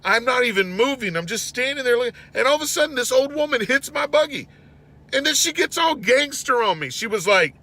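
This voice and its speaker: A man's voice: very high-pitched, normal speed. A man hosting his show, telling an exasperated everyday story in a casual monologue. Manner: animated, exasperated storytelling with rising outbursts. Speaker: host.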